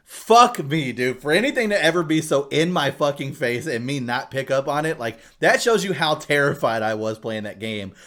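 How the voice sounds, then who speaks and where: A man co-hosting a podcast, telling a story in casual chat with lots of swearing, fillers and excited asides. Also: medium pitch. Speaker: podcast co-host.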